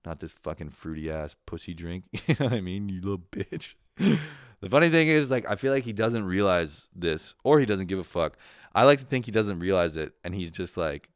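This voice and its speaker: Brief: young male podcast host, low voice, dry close mic, profane rants, laughs a lot. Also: sing-song, fairly quick, smooth, no room sound. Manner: profane, laughing, mocking impressions. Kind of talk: casual solo podcast rant.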